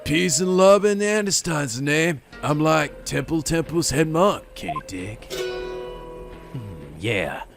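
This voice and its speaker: A man's voice: fairly high pitch, lively intonation, gravelly, music in the background, full character voice. A man drawling as a stoner hippie monk. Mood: mellow. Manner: slow stoner drawl, groovy slang. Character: laid-back hippie male monk musician. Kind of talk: video game voice-over reading.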